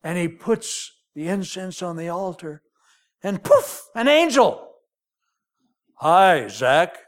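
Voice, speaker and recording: Folksy, joking male preacher; unhurried, slightly high voice. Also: sing-song. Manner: storytelling, folksy, jokey. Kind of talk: sermon.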